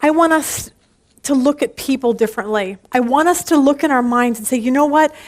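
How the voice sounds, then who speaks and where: High-voiced woman teaching Bible study. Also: fairly quick. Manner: earnest, emphatic exhorting with frequent restarts.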